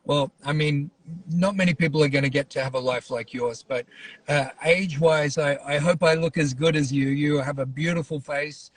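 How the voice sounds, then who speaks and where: An Australian man talks to a host over a phone, complimentary and quick to laugh. His voice sits a little high, and the sound is dry and close. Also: no echo. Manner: warm, complimentary, laughs easily. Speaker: guest. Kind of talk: casual chat. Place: outdoors at a ballgame.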